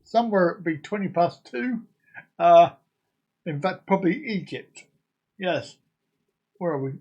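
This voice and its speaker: A man's voice: high-pitched, animated, measured pace, a little mellow, highs cut off. A man hosting a casual live stream, rambling and joking as he chats to his viewers. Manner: jokey, rambling, sings and laughs along.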